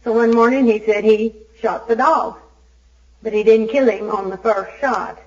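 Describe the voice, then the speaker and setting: A woman from Arkansas gives a recovery meeting talk as an Al-Anon speaker, telling her story in an animated, self-mocking way. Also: a little high, moderate pace. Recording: dull lo-fi tape recording.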